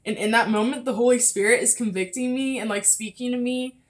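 Speaking somewhat fast in a highish voice, this young podcast host keeps her faith show casual and talkative, peppered with fillers and laughter. She's close to the mic and slightly out of breath.

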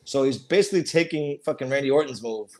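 A man's voice: mid-range voice, fast, darkish tone. A middle-aged man in casual chat as a podcast co-host, profane and emphatic, stating strong opinions.

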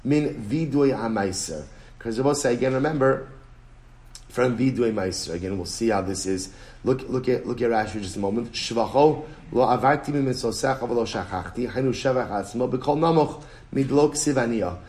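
A rabbi gives a Talmud class in a mid-pitched man's voice. He talks with energy and stresses points by repeating them. His English is full of Hebrew and Aramaic terms. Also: normal speed. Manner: animated, emphatic, repeats phrases, switches between English and Hebrew-Aramaic terms. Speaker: rabbi teaching daily Talmud page. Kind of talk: Talmud lecture.

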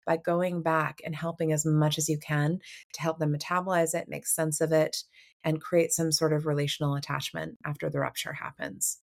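A woman therapist, a guest on a podcast, explaining ideas in a measured way and often checking in with "right?". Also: low-pitched, level tone, creaky. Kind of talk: podcast conversation.

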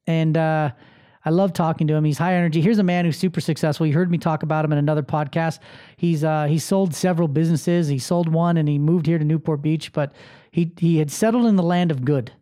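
A man's voice: on the high side, fairly even intonation, brisk, dark tone, smooth. A man hosting his own podcast and coaching show. He talks in a casual, emphatic way, swears freely and repeats phrases to drive them home. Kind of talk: casual motivational monologue. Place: filming himself on camera.

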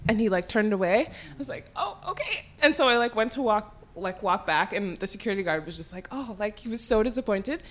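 A young woman telling a funny story in casual chat, animated and giggly, jumping into high squealing voices for quotes. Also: fast, hardly any pauses.

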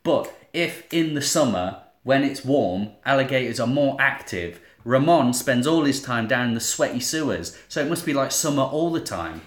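A man's voice: mid-range voice, expressive, moderate pace, few pauses, roomy sound. A man co-hosting a comedy podcast, chatty and dry, sharing animal facts with jokes. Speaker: podcast co-host. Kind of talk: casual comedy chat.

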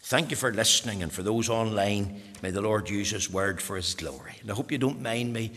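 A man preaching a sermon, dropping to hushed whispers and then rising to loud, fervent emphasis. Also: lowish voice, a little fast. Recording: long reverb of a large hall.

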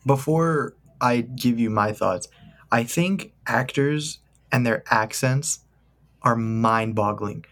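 A man's voice: mid-range voice, slow pace, a bit bright. A young man co-hosting a podcast, talking casually in a joking, rambling, enthusiastic way. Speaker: podcast co-host. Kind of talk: casual chat.

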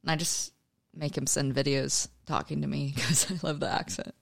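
Young woman from Kansas, gravelly fry, rambling filler-heavy talker, dry close mic. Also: extremely low pitch, animated, moderate pace, no echo. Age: young adult. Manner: rambling, full of likes and trailing off. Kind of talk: casual family chat.

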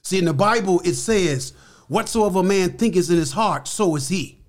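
An older man with a fairly high voice tells stories as an interview guest. He talks emphatically, repeats key words and acts out the people he quotes with lively shifts. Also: moderate pace. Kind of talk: storytelling in a podcast interview.

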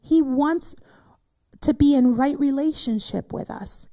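Earnest woman preaching, gravelly high voice. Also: measured pace, dark tone. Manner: earnest, preacherly, with emphatic repetition. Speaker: pastor teaching Bible study. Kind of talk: sermon.

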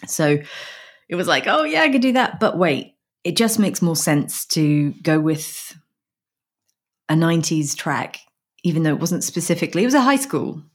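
A woman's voice: sits low, expressive, moderate pace, slightly rough. A woman co-hosting a podcast, chatting casually about music and laughing often. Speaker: podcast co-host.

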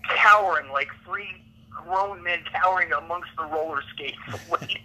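A man's voice: on the high side, moderate pace, sharp tone, poor audio. A man casually telling a rambling backstage story on a podcast, often laughing between lines.

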